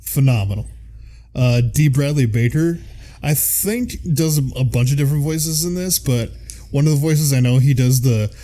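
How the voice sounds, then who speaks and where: Mellow Midwestern man, rambling fan chat. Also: medium pitch, normal speed. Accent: Midwestern American. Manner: rambling, enthusiastic, lots of fillers. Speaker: podcast co-host. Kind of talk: casual chat.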